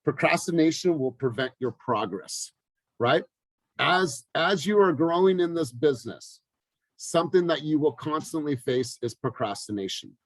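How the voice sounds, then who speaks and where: A man coaching his team in a motivational talk, energetic and emphatic, repeating phrases for effect. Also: on the high side, moderate pace, no room sound, low-quality recording. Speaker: real estate team coach.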